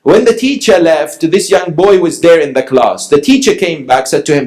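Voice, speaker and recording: Male preacher from Iran, high-pitched, storytelling sermon with acted-out dialogue and emphatic peaks. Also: moderate pace, hardly any pauses, darkish tone.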